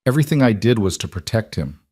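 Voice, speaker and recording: A man's voice: on the low side, big pitch swings, quick pace, husky, dry recording, clean studio sound. A man reading the lines of a proud, defensive young mother in a told story. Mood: firm. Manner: quiet, firm.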